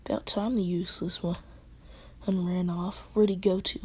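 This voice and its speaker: A woman's voice: lowish voice, level tone, moderate pace, dark tone, a little hiss or hum, natural voice. A woman voicing a brash, rowdy tomboy teen girl in a fan story, mocking and tough.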